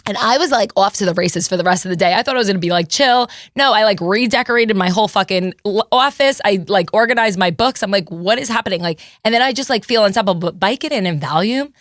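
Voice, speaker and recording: A woman's voice: medium pitch, quick pace, hardly any pauses, a bit bright, dry recording, studio quality. A young woman from New Jersey hosting a podcast, chatting casually and rambling, with many fillers and laughs. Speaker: podcast host.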